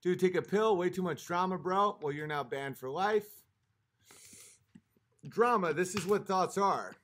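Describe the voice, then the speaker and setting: A man's voice: high-pitched, measured pace, fairly bright tone. Profane, exasperated man ranting on a livestream. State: tipsy after a few drinks. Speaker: livestream host reading chat. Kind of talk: unscripted livestream rant.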